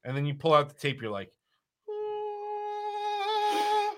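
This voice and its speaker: A man's voice: mid-range voice, rapid-fire, fairly bright tone. A man co-hosting a podcast, chatting enthusiastically and swearing casually.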